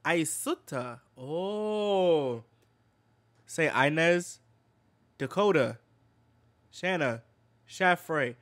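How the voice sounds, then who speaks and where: A man's voice: fairly high pitch, very animated, slow, pauses often, fairly bright tone. A man streamer casually reacting to video clips, laughing often, swearing freely and fumbling names.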